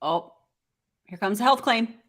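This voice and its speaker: A woman's voice: fairly high pitch, expressive, a little slow, crowd noise. A woman hosting a casual reaction commentary, making wry, skeptical asides and sounding concerned. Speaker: commentary host.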